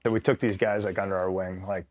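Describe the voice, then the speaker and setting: A middle-aged retired Marine from New York State telling a war story in casual, profane talk, full of "like" and "right?". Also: male voice, low voice, flat delivery, quick pace. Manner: profane, rambling, filler-heavy with frequent "right?".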